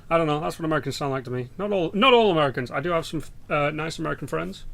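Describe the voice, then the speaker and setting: A man's voice: a little high, racing, gravelly, fairly bright tone. A young man with an English accent, rambling and swearing through casual game commentary. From England. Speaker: gaming YouTuber.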